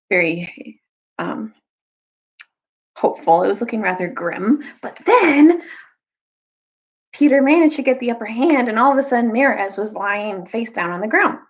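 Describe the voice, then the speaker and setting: Brief: young woman, storytime reader, lively kid-friendly delivery, slightly muffled lo-fi sound. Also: a little slow, long pauses, breathy edge. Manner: animated, jumps high for quoted characters. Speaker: storyteller reading aloud to children. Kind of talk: casual storytime recap and read-aloud.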